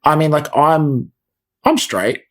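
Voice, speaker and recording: A man's voice: a little high, slow. A man co-hosting a podcast in casual, rambling chat full of fillers. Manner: chatty, rambling with many fillers. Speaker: podcast co-host.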